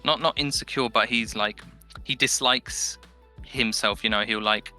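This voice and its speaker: A man's voice: medium pitch, measured pace, faint music behind. A man talking in a casual gaming podcast chat, rambling with lots of fillers. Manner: rambling, filler-heavy, animated impressions of others. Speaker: podcast guest.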